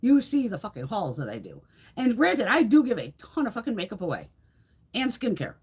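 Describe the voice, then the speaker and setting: A husky-voiced woman rambles through a live beauty room tour. She curses bluntly at every turn and often breaks into laughter, and her pitch swings widely as she talks. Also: a little fast. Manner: swears constantly, blunt and animated; laughs often while talking. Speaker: beauty vlogger hosting a live stream. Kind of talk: casual chat during a live room tour.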